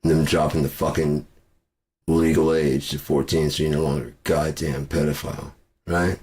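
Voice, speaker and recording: A man ranting angrily to camera, swearing constantly and breaking into shouts. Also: very deep voice, flat delivery, normal speed. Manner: profane and furious, shouting at times. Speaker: vlogger. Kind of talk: angry political rant.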